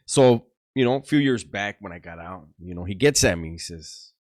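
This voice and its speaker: A man's voice: sits low, expressive, normal speed, hardly any pauses, darkish tone. A man telling a story to his channel in casual talk, laughing often and using streetwise slang. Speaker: YouTuber.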